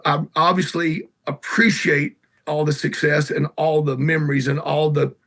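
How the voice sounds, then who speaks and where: A man's voice: on the high side, steady tone, moderate pace, fairly bright tone. A man with a Southern accent, a guest musician telling rambling, salty anecdotes in a casual interview. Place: garage.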